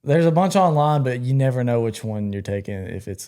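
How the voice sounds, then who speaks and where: A man's voice: medium pitch, lively intonation, a little fast, warm tone. Chatty man telling stories. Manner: storytelling, chatty. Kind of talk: casual podcast chat.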